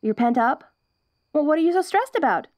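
A woman's voice: high voice, expressive, brisk, a little mellow, no echo. A young woman voicing a perky, curious wolf girl in an ASMR role-play, bubbly and giggly with restless chatter.

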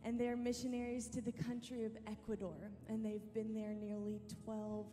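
A woman's voice: on the high side, monotone, normal speed. Woman announcing in echoey church over music. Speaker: church staff making announcements. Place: large church sanctuary. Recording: live in a reverberant church with music.

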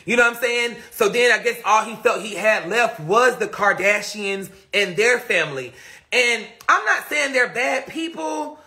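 Woman live-stream host, sharp and bright in tone, profane, emphatic, chatty with viewers. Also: on the high side, lively intonation, unhurried. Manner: rambling with many repeated fillers. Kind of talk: casual live-stream chat reading viewer comments. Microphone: phone or webcam on a live stream.

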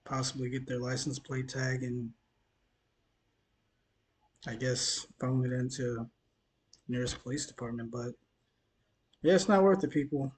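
A man's voice: mid-range voice, fairly even intonation, unhurried, long pauses, slight background noise. A man from Mississippi, talking loosely in a news commentary vlog, tired and dehydrated after the gym, rambling and stumbling over his words. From Mississippi, USA. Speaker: news vlogger.

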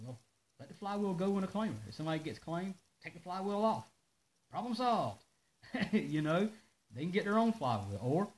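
A man hosting a casual live stream, ranting in an animated way and reading out viewer comments. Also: a little high, rough recording. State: out of breath. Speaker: host of a live parts-shop video.

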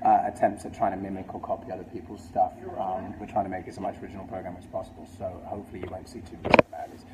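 A young English man reading out fan comments in a casual live-stream chat, quick and chatty with asides. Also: low voice, flat delivery, background noise. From England. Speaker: actor reading fan questions.

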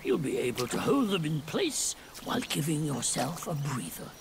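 A voice actor playing a wry mentor character in a video game who teaches a spell, with a gravelly, lively delivery. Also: mid-range voice, moderate pace, noisy background. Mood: instructive. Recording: game audio under loud score.

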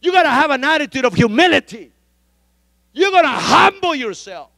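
Male pastor, very high voice, dry close sound, fervent emphatic sermon delivery that builds to shouts. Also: very animated, normal speed, dry recording. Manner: fervent, emphatic preaching with repeated exhortations; rises to shouted pleas.

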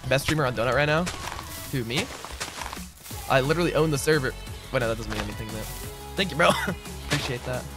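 With a mid-range voice that's fairly quick yet full of pauses, a man streams his gameplay and casually answers his audience aloud. The relaxed streamer, who owns the server, keeps addressing people as "bro" while background music plays.

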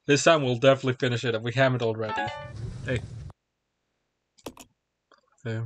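A man's voice: mid-range voice, steady tone, brisk, pauses often, faint music behind. A man chatting casually on a game livestream, rambling and chuckling as he sorts out technical problems. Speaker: gaming streamer.

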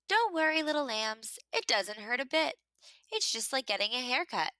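A woman reading aloud, voicing a gentle farmer's wife who soothes her lambs in a reassuring way. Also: high voice, very animated, normal speed, no echo, full character voice. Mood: soothing.

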